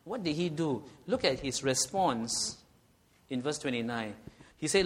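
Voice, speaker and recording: Guy preaching a sermon, slightly high voice, keeps asking the crowd okay?. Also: expressive, a little slow. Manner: rhetorical questions with frequent "okay?" check-ins.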